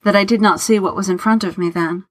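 A woman voicing a formal, soft-spoken gentleman. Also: mid-range voice, steady tone, fast, no room sound, close to an everyday voice. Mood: tender. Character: earnest, apologetic man of a past era.

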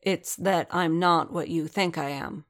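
A woman voicing a gruff, stubborn male armored warrior who answers in blunt, clipped lines, read as a story. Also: on the low side, measured pace, a bit bright. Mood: curt. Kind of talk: storybook reading.

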